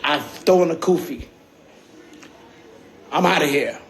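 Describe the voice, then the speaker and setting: High-voiced man ranting on a phone stream. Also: unhurried, fairly bright tone. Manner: profane, streetwise, keeps checking in with "you heard?". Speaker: livestreamer. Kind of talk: rambling livestream storytelling.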